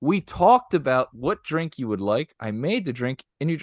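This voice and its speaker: Animated male storyteller, dry close sound. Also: medium pitch, normal speed, hardly any pauses, no room sound. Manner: animated storyteller, acts out quoted voices. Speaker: podcast co-host telling a bar story. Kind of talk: casual storytelling chat.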